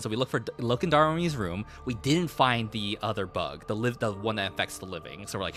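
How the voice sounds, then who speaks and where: A man's voice: on the low side, a little fast, pushed and bright, faint music behind. A male streamer casually recapping a game, rambling and swearing, with lots of fillers and restarts. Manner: rambling, profane storytelling with many fillers.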